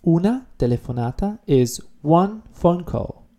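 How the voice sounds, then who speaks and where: Man, language teacher, very dark mellow tone, patient explaining style for a beginner video lesson. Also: a little high, expressive. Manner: explanatory, repeats key words slowly.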